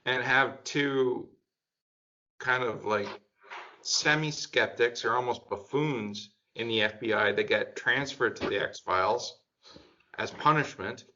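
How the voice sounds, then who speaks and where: A man talking in a relaxed group chat, thinking out loud with plenty of "um" and "like". He gets enthusiastic as he goes. The sound is dull and lo-fi. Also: medium pitch, slow, a little hiss or hum. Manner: enthusiastic, rambling with fillers. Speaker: podcast panelist.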